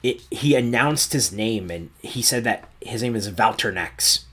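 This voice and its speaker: A man voicing a shaken male villager from a farming town in a tabletop game, telling his story in a halting, nervous way. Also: on the low side, lively intonation, sharp tone, slight background noise, voice pushed down.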